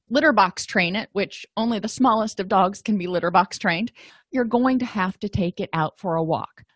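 A woman's voice: mid-range voice, no echo, studio quality. A woman giving a recorded counseling lecture, conversational and full of everyday examples and asides. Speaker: counselor and podcast host. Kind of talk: recorded continuing-education lecture.

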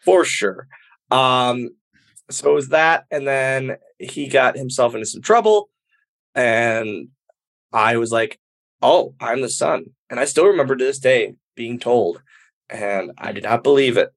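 A man, a professional wrestler, telling stories as an interview guest in a lively, casual way, acting out quoted dialogue and filling in with "like". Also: mid-range voice, a little slow. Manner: animated, acts out quoted dialogue, many fillers like "like".

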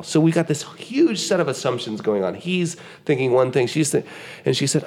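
A man with a gravelly, creaky edge to his voice, talking as a podcast guest. He tells stories with energy, acting out the people in them, and often restarts his sentences as he thinks aloud. His pitch sits in the middle range. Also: fairly quick. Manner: animated storytelling, acting out dialogue. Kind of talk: conversational explanation.

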